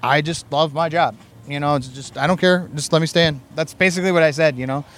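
A man's voice: fairly high pitch, quick pace. A man co-hosting a casual chat at a hotel pool, telling rambling, profane service stories. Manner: profane, rambling, animated storyteller. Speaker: podcast co-host, Navy veteran. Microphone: streamed live on a phone or camera.

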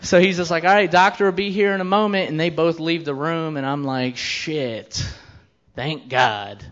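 A man's voice: on the high side, fairly even intonation, a little fast, fairly bright tone, smooth, dull audio. A man in his thirties doing a stand-up comedy set, telling a crude story with brash, profane delivery and quoted voices.

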